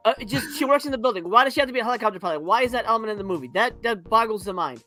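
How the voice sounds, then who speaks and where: A man's voice: sits high, expressive, very fast, pushed and bright, soft background music. A man on a movie review panel, talking in a crude, sarcastic, rambling way and laughing often. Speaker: podcast panelist. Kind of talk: casual movie review chat.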